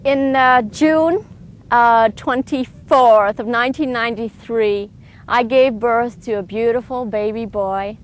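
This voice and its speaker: A middle-aged woman giving an emotional personal testimony, earnest and heartfelt, with halting restarts. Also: on the high side.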